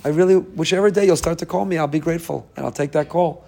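A man voicing a gentle, forgiving father who soothes his child in soft, repeated reassurances. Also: a little high, quick pace, gravelly, pitched above the performer's own voice. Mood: tender reassurance.

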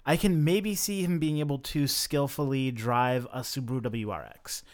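A man in casual chat, skeptical and halting, with fillers between his points. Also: mid-range voice.

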